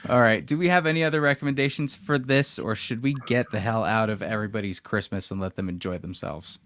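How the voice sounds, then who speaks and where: A man's voice: fairly low pitch, quick pace, fairly bright tone, no echo. A young man co-hosting a casual podcast, joking and swearing freely as he chats about movies. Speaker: co-host.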